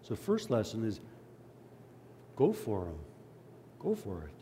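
A man's voice: lowish voice, slow, a little hiss or hum. A man preaching a sermon who reads scripture aloud, acts out its cries, and talks through it in a conversational way. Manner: animated, acts out the crowd's and beggar's cries; conversational asides. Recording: long hall reverb.

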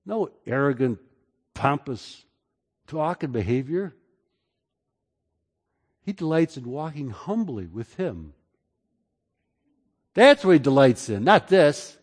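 A man preaching a sermon as pastor, moving between loud, emphatic lines and quiet, low passages. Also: very animated, slow pace, long pauses. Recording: long hall reverb.

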